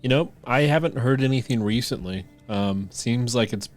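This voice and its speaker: A man co-hosting a podcast, talking in a relaxed, rambling way with lots of fillers. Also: medium pitch, moderate pace. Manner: laid-back, rambling, many fillers. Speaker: podcast co-host. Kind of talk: casual banter.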